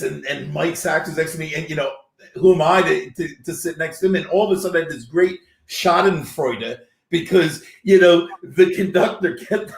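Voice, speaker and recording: High-voiced guy hosting a chat, echoey room, keeps restarting his questions. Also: creaky. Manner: rambling, stumbling questions with laughs. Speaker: host. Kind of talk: casual video-call interview. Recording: roomy echo.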